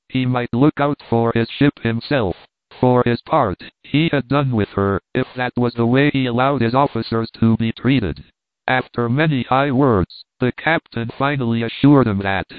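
A man reading an old sea novel aloud as an audiobook narrator, at a steady, measured pace. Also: mid-range voice, clean tone, no echo. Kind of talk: scripted narration. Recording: tinny phone-like dry sound.

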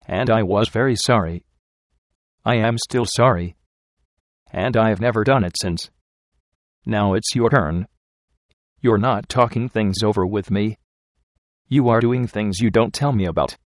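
A man voicing a loving young wife who gently coaxes her husband to confide in her. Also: fairly low pitch, no room sound, studio quality, lightly acted. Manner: gentle, coaxing and earnest.

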